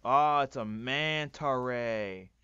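A man doing excitable, swearing let's play commentary, ranting and often breaking into yells. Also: medium pitch, slow pace, clean tone, no room sound, lo-fi sound. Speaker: gaming YouTuber.

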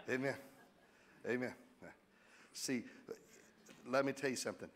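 A middle-aged American man preaching a sermon as pastor, animated and joking, with sudden loud exclamations. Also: medium pitch, vocal fry, slight background noise. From United States.

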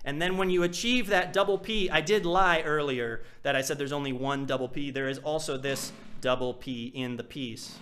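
Bright-voiced man scatting drum rhythms. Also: a little high, moderate pace, hardly any pauses. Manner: animated, vocalizes drum rhythms with syllables. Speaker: percussion teacher. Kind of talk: live online masterclass.

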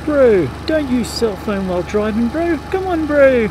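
A man putting on a New Zealand accent, reading road-safety signs in a sing-song, hammy, shouty voice. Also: extremely high pitch, sing-song, a little slow, background noise, pitched above the performer's own voice, heavily acted. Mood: playful. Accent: put-on New Zealand.

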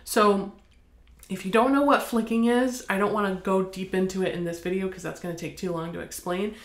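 An American woman teaching bassoon, explaining in a friendly way and counting beats aloud. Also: fairly even intonation, fairly quick. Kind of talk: instructional demonstration. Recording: echoey room.

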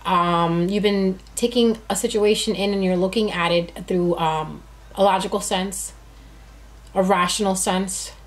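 A woman's voice: medium pitch, steady tone, measured pace. A woman giving a casual, chatty tarot reading who talks to her cards and addresses her viewers directly. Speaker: tarot reader.

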